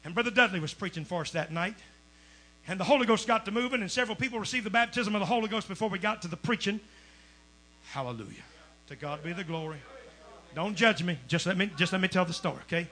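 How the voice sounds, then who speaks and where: A man preaching a Pentecostal sermon as a guest preacher, telling a testimony, swinging from hushed storytelling to shouting. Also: high-pitched, fast talker, a little hiss or hum. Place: church sanctuary.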